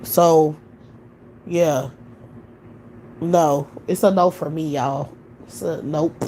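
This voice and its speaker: A woman hosts a casual live stream and gives her opinions bluntly, with plenty of swearing. Her voice sits on the low side, and a faint hiss runs under it. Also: fairly even intonation, very slow, dark tone.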